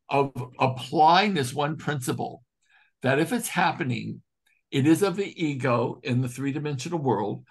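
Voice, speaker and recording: A man in a casual spiritual group discussion over a video call, talking in an earnest, heartfelt and reflective way. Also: fairly high pitch. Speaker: study group participant.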